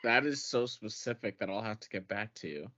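A man's voice: on the low side, animated, brisk, sharp tone. A man co-hosting a comedy podcast over a webcam call, needling his co-host with sarcastic jabs and casual swearing. His audio sounds somewhat muffled and lo-fi. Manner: sarcastic, teasing, profane. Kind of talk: casual comedic movie recap. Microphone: webcam call setup.

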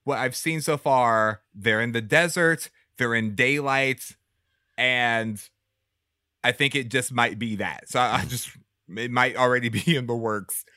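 A man co-hosting a casual movie podcast, animated and quick to laugh and exclaim. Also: mid-range voice, clean tone, no room sound, clean studio sound. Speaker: podcast co-host.

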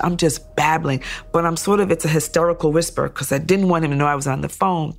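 Gravelly-voiced woman recounting her ordeal. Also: deep voice, fast, hardly any pauses. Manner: steady, detailed retelling, acting out remembered thoughts and dialogue. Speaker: survivor telling her story. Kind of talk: documentary testimony.

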